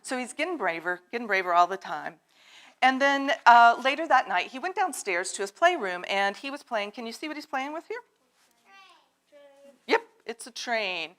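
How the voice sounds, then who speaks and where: A woman tells a picture-book story to children in a congregation. Her voice sits fairly high and swoops with lively melody. She keeps asking the little listeners to join in. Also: fairly quick. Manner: animated, asks the children to join in. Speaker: storyteller at a children's time in worship. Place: church sanctuary.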